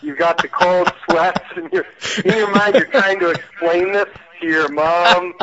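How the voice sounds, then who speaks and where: Canadian guy calling in, bright voice, stumbles a lot, phone-ish sound. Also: high voice. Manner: halting, many restarts, laughs. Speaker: guest on phone. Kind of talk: casual chat. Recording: telephone line.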